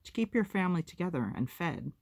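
Calm, firm nun with a measured, doubting delivery, read by a woman. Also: lowish voice, dry recording, voice pushed up.

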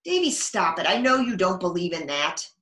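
A woman's voice: fairly low pitch, very animated, moderate pace, fairly bright tone. A woman voicing a skeptical, bossy young girl in a storybook reading. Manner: skeptical, pleading. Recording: echoey room.

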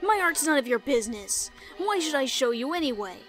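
Woman voicing a tiny grumpy artist sprite, male, snappy, rude, high voice. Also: very animated, brisk, a bit bright, faint music behind. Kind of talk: reading game dialogue aloud.

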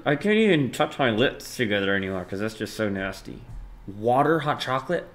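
Chatty young man streaming live. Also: fairly quick. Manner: reads chat aloud, thanks gifters, jumps between loud excitement and low mumbling. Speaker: livestreamer. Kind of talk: casual live stream chat.

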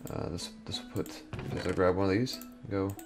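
A sleepy young man talks through his gameplay in a casual, rambling way, often muttering half to himself. His voice sits a little low and carries a gravelly fry, with soft music faint underneath. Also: fairly even intonation, moderate pace. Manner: muttering to himself while sorting and exploring. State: sleepy, yawning. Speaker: gameplay commentator. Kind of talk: casual let's-play commentary.

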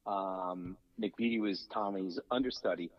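A husky-voiced man speaks over a dull, muffled phone line, and the sound is dry. He is a voice actor who tells stories in an animated way and often slides into other voices along the way. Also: sits low, measured pace, no room sound. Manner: animated, slips in and out of impressions. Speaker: guest voice actor and impressionist. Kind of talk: casual storytelling on a radio call-in.

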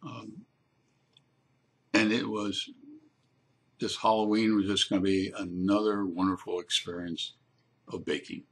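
Older man, low gravelly husky voice. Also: little pitch movement. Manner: unhurried, with frequent ums and restarts. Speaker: grandfather telling a family story. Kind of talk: casual spoken storytelling.

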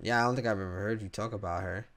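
A man playing a chat game, reading the messages aloud and reacting in a slangy, animated way. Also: on the low side, racing. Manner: slangy and animated, reads chat lines aloud and reacts with sudden loud outbursts. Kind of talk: casual gameplay commentary. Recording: loud game music underneath. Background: loud game music, keyboard typing.

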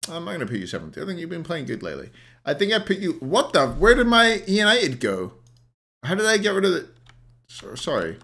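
A man's voice: on the high side, wildly swooping pitch, fairly quick, pushed and bright. A young man in a casual live stream, ranking players and ranting at his chat with plenty of swearing, hungover. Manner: swears a lot, rants at chat.

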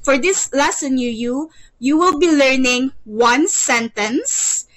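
High-voiced, slow-speaking woman teacher. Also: lively intonation, a bit bright, low-quality recording. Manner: patient, repeats words, often stammers "you, you". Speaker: English teacher. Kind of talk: online language lesson.

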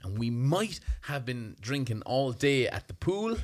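A young Irish man co-hosting a podcast, telling an animated, self-mocking story in casual chat. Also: medium pitch, measured pace. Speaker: podcast co-host.

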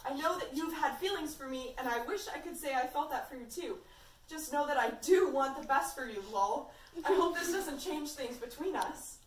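A woman voicing a flustered young man in love, reading his lines in an awkward, halting amateur way. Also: high-pitched, expressive, a little hiss or hum. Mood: confessing. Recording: echoey room, mic far off.

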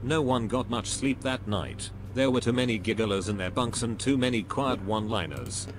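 A man reading out anecdotes as a narrator, with an expressive storytelling delivery. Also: medium pitch, moderate pace. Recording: steady hum under the voice.

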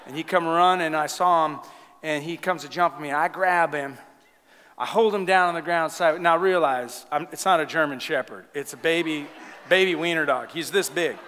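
Pastor type, bright and fairly high voice, lively storytelling sermon, church reverb. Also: male voice, normal speed. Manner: animated storytelling, laughing at his own stories. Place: church sanctuary. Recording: long church hall reverb.

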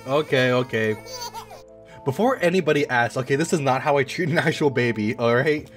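A man's voice: medium pitch, brisk. A man commentating a horror game as a gaming YouTuber, reacting jumpily with repeated exclamations. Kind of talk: let's play commentary. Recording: game music playing behind the voice.

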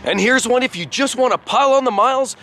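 Outdoors beside parked cars, a male car reviewer gives an enthusiastic walkaround, effusively praising every detail. His voice is very high-pitched, fast, and a bit bright.

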